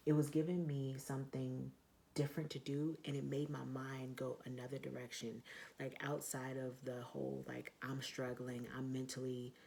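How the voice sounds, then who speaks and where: Woman, vlogger, casual monologue, blunt and profane, gravelly, faint hiss in the background. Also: rumbling low, flat delivery, moderate pace. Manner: blunt and profane, lots of fillers; emphatic, rising to loud outbursts.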